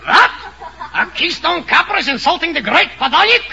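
A pompous Russian actor. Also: male voice, very high voice, very animated, normal speed, creaky, pushed and bright, lo-fi sound, heavily acted. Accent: mock Russian. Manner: grandiose, speaks of himself in third person. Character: pompous male Russian stage actor, boastful. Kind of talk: 1930s radio comedy acting. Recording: hissy 1930s radio recording.

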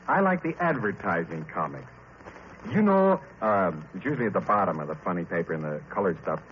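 A man hosts an old radio comedy show, stumbling over his words in a wry, chatty way. His pitch moves a lot. The sound is dull and lo-fi, with a faint hiss behind it. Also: big pitch swings, brisk.

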